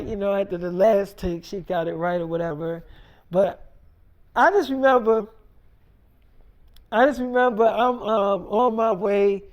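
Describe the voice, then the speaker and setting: A man with a high-pitched, slightly mellow voice delivers a long, casual freestyle storytelling monologue. He rambles in a slangy way, full of fillers and repeats.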